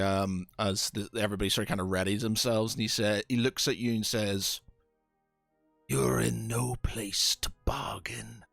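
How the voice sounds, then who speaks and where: A man's voice: fairly low pitch, fairly bright tone, dry recording. A man narrating as game master of a tabletop game, hesitant and full of fillers.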